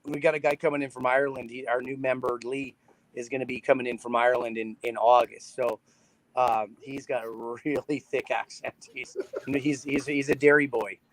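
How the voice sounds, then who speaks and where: A man from Canada chats as a podcast guest, mid-pitched and recorded dry and close. He rambles, restarts his sentences and laughs often. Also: little pitch movement, normal speed, no echo, low-quality recording. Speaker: podcast guest, band frontman. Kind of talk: casual chat.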